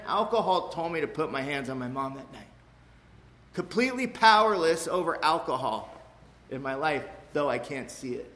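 A man's voice: a little high, sharp tone. Frank streetwise man speaking in an echoey room. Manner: frank and streetwise, tags lines with "man" and "you know"; emphatic, with quick repeats and restarts. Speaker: speaker sharing his recovery story. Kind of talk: personal testimony talk to a live audience. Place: room with a live audience.

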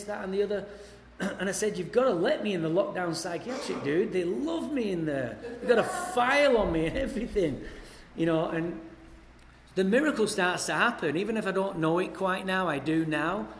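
A man's voice: a little high, a little hiss or hum. An Englishman speaking to a recovery meeting, telling his story bluntly with swearing and wry humor. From England. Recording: echoey hall, faint ambience.

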